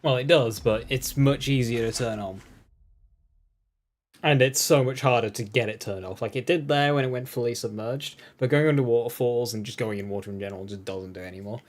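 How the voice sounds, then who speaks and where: A man's voice: mid-range voice, a little fast. Man chatting casually over gameplay. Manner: chatty, swears offhandedly. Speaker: gaming YouTuber.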